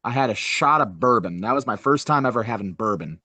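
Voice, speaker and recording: A man's voice: mid-range voice, animated, fairly quick, pushed and bright, no echo. Young guy rambling thru a drinking story on a podcast, swears a bit, very dry mic. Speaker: podcast co-host. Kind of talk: casual podcast chat.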